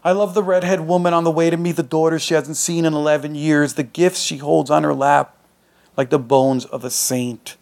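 A man reads his own fiction aloud in a loose, conversational first-person voice. The delivery is streetwise and unpolished, like someone talking to his friends. His voice sits a touch high for a man. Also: steady tone, moderate pace, gravelly, a little mellow. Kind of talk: live reading of a short story.

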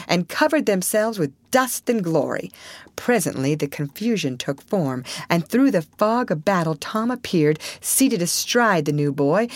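A woman reading a classic novel aloud as an audiobook narrator, expressive and animated. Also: mid-range voice, no room sound. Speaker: audiobook reader. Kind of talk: scripted storybook narration.

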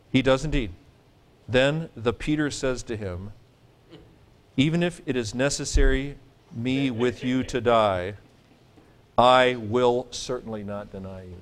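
Lively joking male Greek professor. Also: medium pitch, takes it slowly, long pauses. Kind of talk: classroom lecture.

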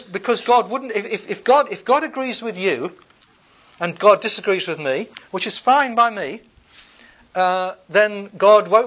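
A man with a high-pitched voice teaching a class in a loose, thinking-aloud way. He fills pauses and restarts his sentences often, and keeps a wry, relaxed tone throughout. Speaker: lecturer. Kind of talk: classroom lecture.

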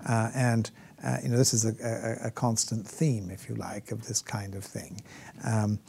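A low-leaning, warm, gravelly male voice with little pitch movement moves at normal speed over a faint hiss or hum. It's an off-the-cuff classroom lecture on theology, hesitant and full of fillers and restarts, with rhetorical questions and imitations of critics.

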